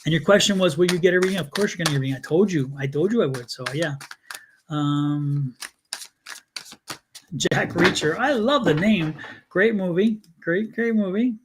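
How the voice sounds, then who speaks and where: A man with a somewhat high voice gives live tarot readings and talks earnestly, circling back and repeating phrases as he speaks to viewers by name. A faint hiss of noise sits under his voice. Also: normal speed. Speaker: tarot reader.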